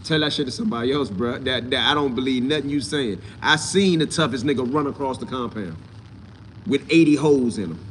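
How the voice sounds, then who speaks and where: A man's voice: medium pitch, fairly quick, a bit bright, a little hiss or hum. A man hosting his own channel, answering live chat in a casual, blunt and profane way, often mocking the commenters. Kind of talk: casual livestream talk.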